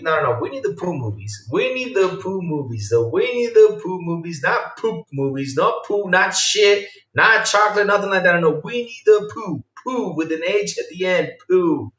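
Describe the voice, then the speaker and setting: On a livestream, a male podcast host chats casually and reacts to viewer comments, excitable and rambling as he swings from low mumbles to loud outbursts. He talks at a normal speed, and the distant mic gives the sound a roomy quality.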